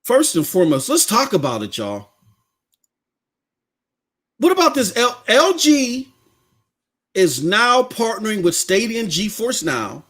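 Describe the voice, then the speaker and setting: A man hosting a casual gaming podcast, talking in an excited, slangy way and reading news articles aloud with asides. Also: high-pitched, measured pace, long pauses. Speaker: podcast host.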